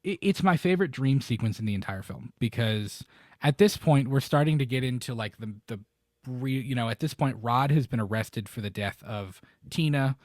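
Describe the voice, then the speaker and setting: A man co-hosting a casual chat about a horror film, animated and talkative, often acting out quoted lines in sudden high or low voices. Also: normal speed, dry recording. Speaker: podcast co-host.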